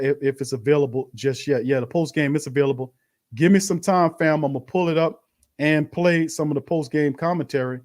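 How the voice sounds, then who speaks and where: Guy hosting a sports watch party stream, mid-pitched voice, fed up and blunt, keeps saying fam. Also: a little mellow. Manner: frustrated, blunt, calls viewers fam. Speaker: sports show host.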